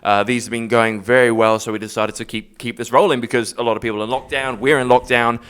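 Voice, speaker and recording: Joking, animated podcast host, a man. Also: mid-range voice, quick pace, clear, resonant tone. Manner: jokey, animated, swears freely. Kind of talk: casual podcast chat.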